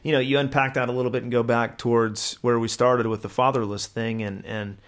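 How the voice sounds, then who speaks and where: A man in his thirties tells a long personal story in a loose, rambling way. His voice sits at an ordinary middle pitch. The pace is conversational, with plenty of restarts. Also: brisk. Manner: rambling, animated anecdote telling with laughs. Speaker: podcast co-host. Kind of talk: casual chat, storytelling.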